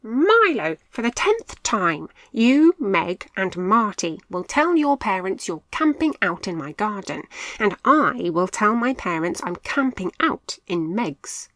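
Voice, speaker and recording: A woman's voice: medium pitch, very animated, slow pace, fairly bright tone, no room sound, low-quality recording. A woman doing a bossy little boy mouse. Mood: commanding. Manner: firm, commanding. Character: bossy young boy mouse, eager leader.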